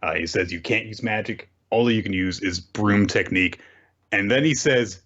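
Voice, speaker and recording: A man hosting a casual podcast, telling a story in a lively way. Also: fairly low pitch, normal speed, highs cut off. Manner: animated storytelling, acts out characters. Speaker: podcast host recapping manga. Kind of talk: casual chat.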